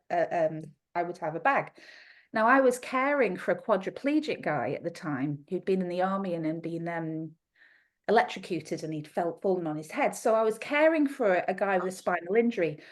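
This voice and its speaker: Middle-aged Australian woman telling a story. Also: lowish voice. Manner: animated personal storytelling. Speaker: guest naturopath. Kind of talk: podcast interview storytelling.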